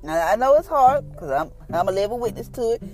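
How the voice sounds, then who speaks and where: A middle-aged woman speaks in a relaxed, chatty devotional talk and drifts into personal testimony. She sounds earnest and animated and keeps a loose, conversational rhythm full of fillers. Soft music plays faintly underneath. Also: mid-range voice, brisk. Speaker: devotional podcast host.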